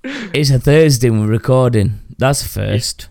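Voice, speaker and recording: A man's voice: mid-range voice, sing-song, unhurried, creaky, warm tone, no room sound, studio quality. A man hosting a casual podcast, joking and laughing at himself, a little tipsy. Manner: joking, laughing, self-mocking. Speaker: podcast host.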